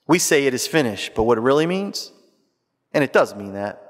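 A man preaching a sermon as pastor, swinging between loud emphatic lines and hushed, quiet ones. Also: mid-range voice, big pitch swings, normal speed. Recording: reverberant hall.

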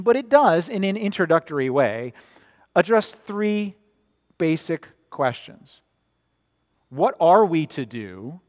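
A man preaching a sermon in a church, conversational and often tossing in "right?" to the congregation. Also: fairly high pitch. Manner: conversational, frequent "right?" asides. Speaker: pastor. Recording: reverberant church sanctuary.

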